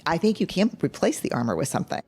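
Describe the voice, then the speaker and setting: A woman's voice: sits low, wildly swooping pitch, quick pace, mellow, slightly rough. A woman with a Texan accent, giving a talk in a blunt, emphatic way, heard from a played clip. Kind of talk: public talk.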